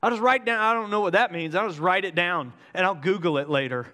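A male pastor preaching with lively energy and casual humor. His voice sits a little high. The sound rings with the long reverb of a large hall. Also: quick pace. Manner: energetic, joking, conversational preaching. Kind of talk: sermon.

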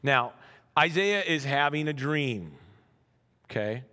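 A man's voice: a little high, lively intonation, slow pace, pushed and bright. A man preaching a conversational sermon as pastor, often restarting words and checking in with "right?".

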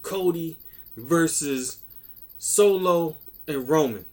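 A man co-hosting a casual wrestling podcast, ranting in an animated, profane and excitable way. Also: a little high, slow pace. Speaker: podcast co-host.

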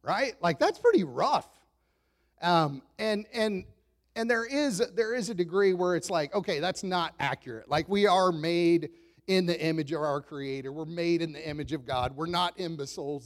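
This thirtysomething pastor delivers his sermon as relaxed, conversational storytelling, poking fun at himself and chuckling often. His voice is a little high, and he keeps a normal speed.

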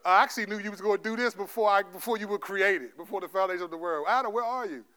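A male pastor preaching a sermon, telling stories animatedly, playing out God's voice in slangy asides and then dropping into a quieter, gentle exhortation. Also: high-pitched, steady tone, very fast. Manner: drops to a soft, quiet delivery for the exhortation.

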